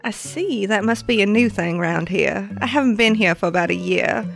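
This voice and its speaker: Creaky-voiced woman role-playing a traveler. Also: mid-range voice, moderate pace, soft background music. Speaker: tabletop game player. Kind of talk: in-character role-play.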